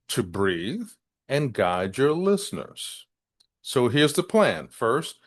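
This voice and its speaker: A man teaching business English, speaking deliberately and stressing key words to demonstrate intonation. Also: mid-range voice. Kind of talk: presenting a business English lesson.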